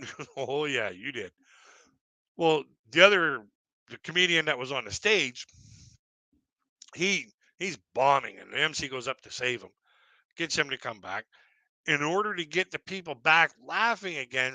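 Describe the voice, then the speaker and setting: Bright-voiced Canadian man telling stand-up stories. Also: on the high side, dry recording. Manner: rambling, self-deprecating, laughs at his own jokes. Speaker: stand-up comedian. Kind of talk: stand-up storytelling on a live stream.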